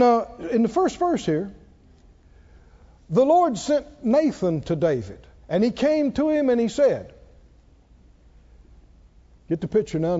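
A man preaching a sermon, swinging between loud, dramatic lines and hushed ones. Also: high-pitched. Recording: muffled sound with long hall reverb.

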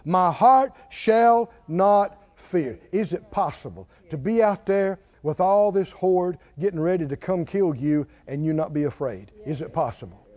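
A man preaching a sermon, calling out questions to the congregation and swinging from near-shouts to hushed tones. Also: normal speed, hardly any pauses. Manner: animated, rising to near-shouts then dropping low. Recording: dull lo-fi sound.

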